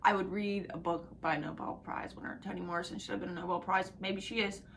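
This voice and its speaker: A young woman talks straight to camera in a loose, rambling vlog, hopping between tangents with lots of swearing. Her voice is bright and forward, swinging from excited bursts to near-whispered asides. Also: fairly low pitch, fairly quick, creaky, a little hiss or hum. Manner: rambling, excitable, profane, laughs and drops to whispers. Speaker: book vlogger. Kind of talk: casual chat to camera.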